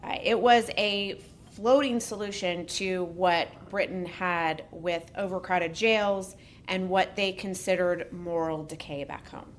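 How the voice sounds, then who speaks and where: A woman's voice: fairly low pitch, fairly even intonation, measured pace, a little hiss or hum. A woman co-hosting a casual podcast, reading a prepared story with joking asides. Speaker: podcast co-host.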